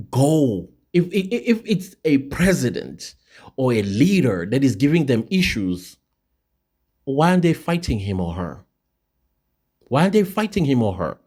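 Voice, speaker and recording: A man's voice: medium pitch, darkish tone. A South African man hosting an impassioned opinion monologue, firing off rhetorical questions. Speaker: show host.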